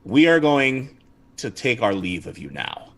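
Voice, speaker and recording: A man's voice: mid-range voice, big pitch swings, a bit bright. A man playing a wary, formal guard captain. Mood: stern. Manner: formal, halting, deliberate.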